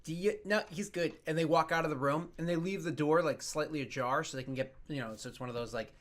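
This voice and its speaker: A man's voice: fairly high pitch, fairly even intonation, quick pace, a bit bright. A man narrating as game master in a tabletop game, in a casual, filler-heavy way.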